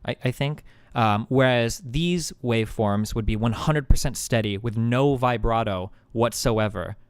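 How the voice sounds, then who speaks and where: Rambling male streamer, smooth dry voice. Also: mid-range voice, unhurried, no room sound. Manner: rambling, searches for words, many fillers and restarts. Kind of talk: casual live-stream explaining.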